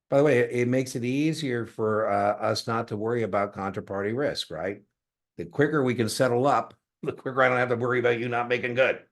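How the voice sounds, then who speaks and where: A middle-aged man, teaching an exam prep class in a jokey, animated way and acting out little dialogues with students. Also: mid-range voice, brisk. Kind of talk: lecture class replay.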